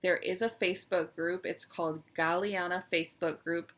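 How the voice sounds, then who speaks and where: This woman's voice sits on the low side, steady and a bit bright, at a moderate pace. As a cross-stitch vlogger, she casually shows and tells her stitching projects, fond and slightly wistful, often saying "um."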